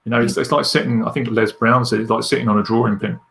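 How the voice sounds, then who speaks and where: A man with a gravelly, fry-edged voice at a middling pitch tells stories with candid energy. He talks as a leadership coach, sharing frank experiences in a podcast interview. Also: quick pace. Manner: candid, animated storyteller.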